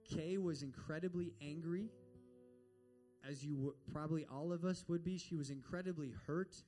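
A man's voice: a little high, normal speed, mellow, soft background music. A man preaching a sermon and telling a story in an earnest way, acting out the voices of the people in it. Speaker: pastor.

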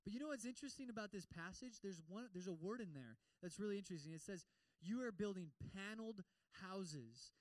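A man's voice: sits high, animated, brisk, dry recording, rough recording. A young man preaching a conversational sermon, acting out quoted voices of God and listeners. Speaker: campus ministry preacher.

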